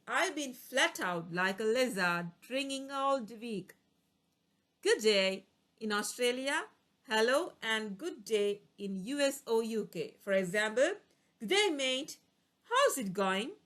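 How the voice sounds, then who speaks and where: A woman's voice: on the high side, sharp tone. A woman reading an English vocabulary lesson, going through word lists, each with a plain explanation and an example sentence. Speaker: English teacher.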